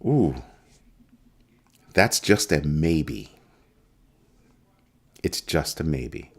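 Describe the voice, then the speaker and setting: A man's voice: very deep voice, expressive, extremely slow, husky. A middle-aged man from New York hosting a crypto show, talking to viewers in an emphatic way and repeating his points for stress. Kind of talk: casual talk to viewers.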